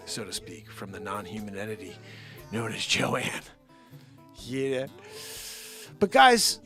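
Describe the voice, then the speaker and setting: Giggly man rambling through improv comedy. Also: medium pitch. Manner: rambling, giggly, bursts into shouts. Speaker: comedy show host. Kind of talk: live improv comedy monologue.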